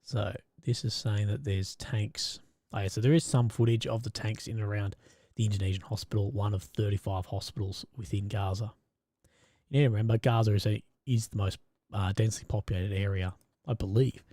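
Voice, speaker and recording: A man's voice: lowish voice, fairly even intonation, fairly quick, warm tone. A man, talking off the cuff on a live stream. He stays casual and rambling, swears freely and keeps restarting his sentences. The sound is dry and close, with no room echo. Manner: loose and conversational, swears often, restarts sentences. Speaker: independent reporter and live-stream host. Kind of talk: casual live-stream commentary, reading viewer chat.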